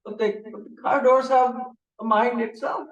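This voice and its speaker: Meditation guy with a high voice, chatty stories, kinda far off in an echoey room. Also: steady tone, normal speed, dull audio. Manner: storytelling with soft laughs and asides. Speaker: meditation guide. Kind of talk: gentle anecdotal meditation talk. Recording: echoey room, distant mic.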